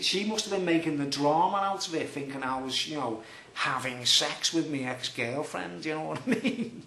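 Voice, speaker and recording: A man, chatty and animated, telling a long rambling story to his viewers. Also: a little high, reverberant. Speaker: vlogger.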